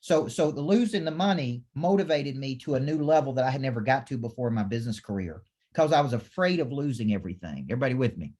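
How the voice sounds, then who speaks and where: A man's voice: mid-range voice, lively intonation, quick pace, hardly any pauses, a little mellow. Emphatic man coaching with drive. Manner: emphatic, repetitive, asks audience for affirmation. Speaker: business coach. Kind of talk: motivational training talk.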